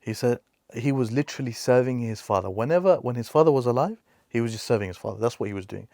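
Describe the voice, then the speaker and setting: A man's voice: medium pitch, expressive, fast, mellow, no echo, studio quality. A man hosting a reaction video, giving earnest advice in an emphatic way and repeating key phrases for stress.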